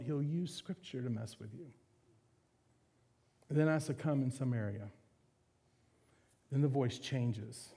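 Husky, gravelly pastor preaching. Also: male voice, medium pitch, moderate pace, dark tone. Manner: candid, confessional, self-deprecating. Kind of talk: sermon.

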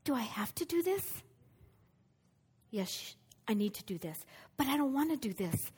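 Woman preacher doing Jesus, inwardly torn, pleading, husky tone. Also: fairly high pitch, big pitch swings, measured pace, a little mellow, long reverb tail, full character voice. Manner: pleading, wrestling with himself.

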